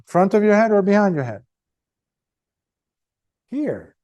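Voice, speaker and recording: A man, a monk teacher, giving a dharma talk and telling a story with animated shifts of pace and emphasis. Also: high voice, slow, lo-fi sound.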